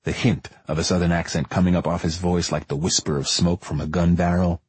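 Deep husky man narrating an audiobook. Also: flat delivery, a little mellow. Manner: measured, deliberate, dry storytelling. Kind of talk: first-person audiobook narration.

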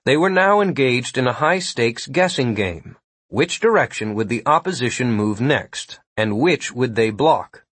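A man reading a fantasy story aloud in a measured, even storytelling manner. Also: medium pitch, breathy edge, no room sound. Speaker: audiobook narrator. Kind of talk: scripted narration.

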